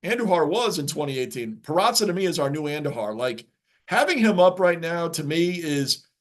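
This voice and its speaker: A man's voice: on the high side, very animated, a little fast. A man hosting a live sports reaction stream from his basement, ranting casually and reading viewer chat aloud.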